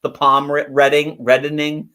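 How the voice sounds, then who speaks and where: A man's voice: a little high, moderate pace. A man co-hosting a podcast, chatting enthusiastically about cartoons and restarting his sentences often. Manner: animated, enthusiastic, stumbles into restarts. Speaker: podcast co-host. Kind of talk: casual chat reviewing cartoons.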